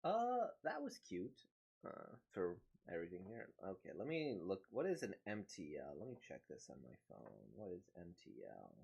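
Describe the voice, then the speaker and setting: A man's voice: deep voice, wildly swooping pitch, moderate pace, creaky, a little mellow, husky, dull audio. A man hosting a manga reaction, rambling and thinking aloud in casual commentary.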